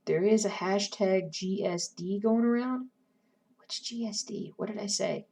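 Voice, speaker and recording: A woman's voice: mid-range voice, steady tone, measured pace, vocal fry, warm tone, recorded from a distance. A woman chatting casually with her live-stream viewers while she cross-stitches, often muttering to herself as she works. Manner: chatty, talks to herself and chat while working.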